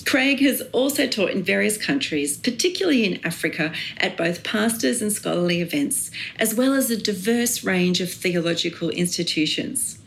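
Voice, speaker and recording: A woman's voice: mid-range voice, expressive, normal speed, creaky, few pauses, slight background noise. A woman hosting a faith podcast, introducing her guest and asking questions in an upbeat way. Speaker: podcast host and pastor. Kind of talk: podcast interview.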